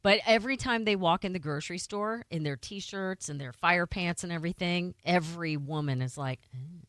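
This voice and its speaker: Bright, chatty American woman co-host. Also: lowish voice, no room sound, studio quality. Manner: chatty, quick, playful storyteller. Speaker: radio co-host. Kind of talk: casual radio chat.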